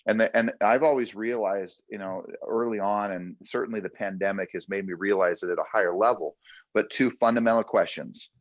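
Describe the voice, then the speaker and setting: Emphatic male real estate coach with a lowish voice who keeps hammering short punchy phrases, sounding dry and close on a dull, muffled recording that takes the sparkle off the top end. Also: brisk, dry recording. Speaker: real estate training host. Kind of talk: motivational coaching talk.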